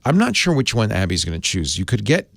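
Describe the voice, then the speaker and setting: A man's voice: lowish voice, wildly swooping pitch, quick pace, vocal fry, dry recording. A middle-aged man hosting a tech talk show, reading an ad in a chatty way with personal asides. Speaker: podcast host reading an ad. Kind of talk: conversational live ad read.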